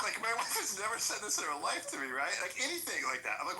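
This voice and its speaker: A middle-aged man, a married podcast host, chatting casually and telling an animated story with laughs and swearing. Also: sits high, quick pace, slight background noise, poor audio. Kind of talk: casual chat.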